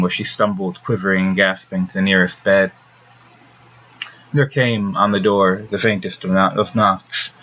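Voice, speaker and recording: A man with a low voice reads a gothic audiobook at a steady, even pace. The recording sounds dull and lo-fi, with a faint hiss underneath. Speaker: audiobook narrator. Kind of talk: scripted narration of a gothic novel.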